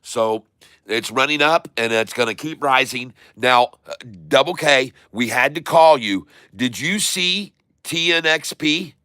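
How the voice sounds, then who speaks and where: A man streaming live day trading, narrating his buys and prices as he goes and spelling out tickers slowly. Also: mid-range voice, expressive, pushed and bright, clear, resonant tone, no room sound. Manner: running commentary, repeating tickers slowly.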